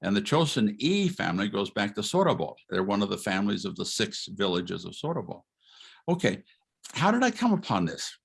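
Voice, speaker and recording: Gravelly older man lecturing over video call. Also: on the low side, a little fast. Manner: animated, asks rhetorical questions, chuckles, acts out quotes. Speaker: retired history professor giving a talk.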